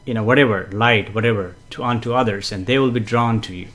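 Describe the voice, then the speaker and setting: A man hosting a casual live stream, greeting viewers and reading their comments, chatty and gently explanatory with frequent fillers and soft chuckles. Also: lowish voice, fast. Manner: gently explanatory, repeats himself for emphasis. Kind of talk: casual live-stream chat with spiritual teaching.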